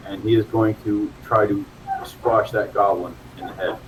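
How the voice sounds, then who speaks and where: A man's voice: lowish voice, fairly even intonation, moderate pace, a little hiss or hum, low-quality recording. A man playing a tabletop game, talking casually and bluntly. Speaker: player.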